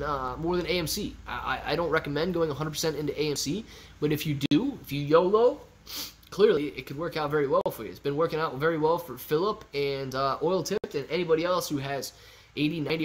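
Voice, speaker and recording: A young man hosting a casual live stream, reading viewer chat aloud and joking around in a loose, animated way. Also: on the high side. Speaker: livestream host.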